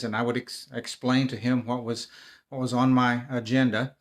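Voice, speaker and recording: A middle-aged man speaks to his viewers in an easygoing, conversational way. His voice sits at an ordinary middle pitch, and he often restarts and repeats words as he goes along. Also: little pitch movement, normal speed. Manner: conversational, frequent restarts and repetitions. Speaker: live video host. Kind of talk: casual talk to camera.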